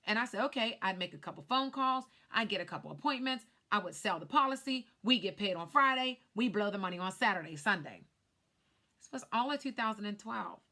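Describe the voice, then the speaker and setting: Bright-voiced woman telling her story. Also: medium pitch, a little fast. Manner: animated storytelling, reading from cue cards. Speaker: life insurance agent. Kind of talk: casual talk to camera.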